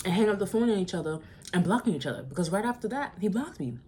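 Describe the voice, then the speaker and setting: A young woman vlogger telling a story in a casual, sassy, animated way. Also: medium pitch, racing, a little hiss or hum.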